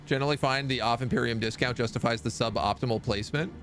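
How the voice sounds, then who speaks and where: Over soft background music, a Canadian man comments live on a strategy game he is streaming, chatting casually and answering viewer messages he reads aloud. His voice is mid-range, a bit bright, and quick.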